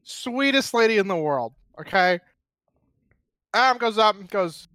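A man telling a rambling, profane story in casual chat, animated and laughing. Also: sits high, unhurried, long pauses, no room sound.

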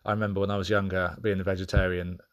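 Low-voiced man, candid and reflective. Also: flat delivery. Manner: candid, thoughtful, halting with restarts. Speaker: podcast host. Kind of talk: reflective personal monologue.

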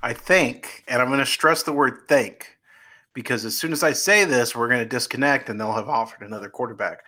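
A man with a bright, forward voice chats as a guest reporter. His talk is loose and hedging, with plenty of "you know"s and restarts. He keeps a mid-range pitch throughout. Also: fairly quick. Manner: chatty, hedging with many fillers and restarts. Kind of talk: casual podcast chat.

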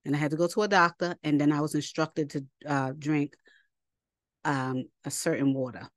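A woman's voice: deep voice, fairly even intonation, normal speed, no room sound, studio quality. A woman teaching a scripture lesson in a chatty, colloquial way, reading passages and breaking off into asides. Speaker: Bible teacher.

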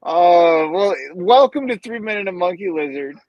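A man's voice: high-pitched, lively intonation, moderate pace, muffled recording. A man hosting a casual live stream, upbeat and greeting viewers in the chat by name. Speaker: podcast host.

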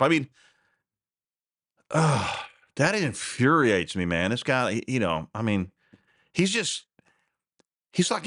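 Guy ranting solo on his podcast, pitch swings all over when he's fired up, dry close sound. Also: a bit bright, dry recording. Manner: indignant, rambling, voice jumps up when outraged. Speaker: podcast host. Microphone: desk mic with a censor button.

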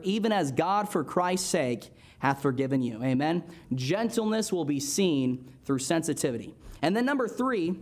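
A young man with a fairly high voice preaches in an easygoing, conversational way. He teaches like a Sunday school leader, pausing often for an "amen?" or a "right?". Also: darkish tone. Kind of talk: sermon.

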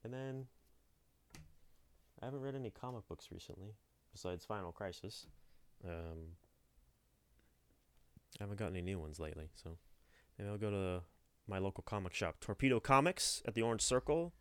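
A man co-hosting a podcast, chatting in a relaxed, rambling way and often dropping to a soft voice. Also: fairly low pitch, moderate pace, long pauses, clear, resonant tone. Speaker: podcast co-host. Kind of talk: casual chat.

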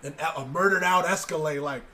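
A man's voice: fairly high pitch, fairly quick, slight background noise. A man in his twenties casually telling a story from his childhood, swearing often and laughing at his own story. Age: 20s. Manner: profane, laughing, animated storyteller.

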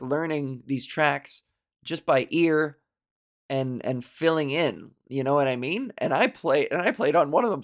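Animated, swearing woman podcast host. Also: extremely low pitch. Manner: animated, swearing, self-deprecating storyteller who acts out quotes. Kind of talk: casual solo podcast chat.

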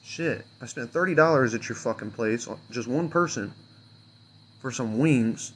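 A man's voice: mid-range voice, normal speed, a bit bright, slightly rough. A man venting as an unhappy customer in a fuming, sarcastic rant full of swearing that rambles loosely from point to point. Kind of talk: angry profane rant to camera.

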